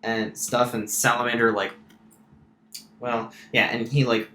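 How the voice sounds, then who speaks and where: A man's voice: mid-range voice, level tone, unhurried, background noise. Male game master, loose filler-heavy narration, echoey room. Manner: casual, many fillers and restarts. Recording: roomy echo.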